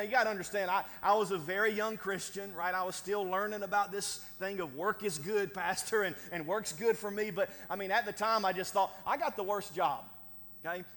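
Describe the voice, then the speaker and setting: High-voiced preacher in a reverberant hall. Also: male voice, fairly bright tone. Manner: conversational preaching with frequent "right?" asides and chuckles. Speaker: pastor. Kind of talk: sermon.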